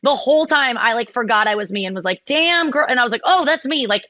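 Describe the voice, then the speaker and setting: A woman's voice: fairly high pitch, animated, fast talker, sharp tone, no room sound, dull audio. Candid rambling woman podcast host. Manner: candid, rambling, many fillers and restarts. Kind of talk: casual chat.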